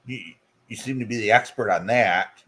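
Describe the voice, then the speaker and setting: A man's voice: fairly low pitch, moderate pace, pushed and bright. A man on a live stream panel chatting in a theatrical, mock-offended way.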